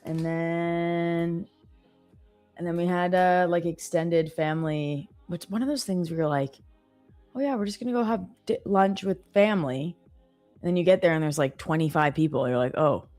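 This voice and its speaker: A woman's voice: on the low side, moderate pace, a little mellow, soft background music. A woman in her thirties, from Canada, telling chatty stories with lots of fillers as co-host of a live trading stream. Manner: chatty storytelling with many fillers. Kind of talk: casual chat.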